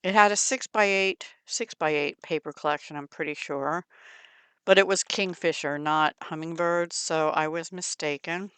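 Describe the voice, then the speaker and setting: A woman's voice: deep voice, fairly even intonation, measured pace, a bit bright, smooth, no echo. A middle-aged woman hosting a crafting channel, chatting casually in her craft room and gushing over supplies with murmured asides.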